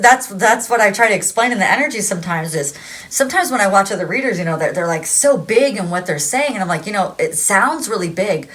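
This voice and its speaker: A woman's voice: mid-range voice, a bit bright. Chatty woman giving a tarot reading. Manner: chatty and rambling, laughing often, acting out quotes. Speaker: tarot reader. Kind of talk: casual spoken tarot reading.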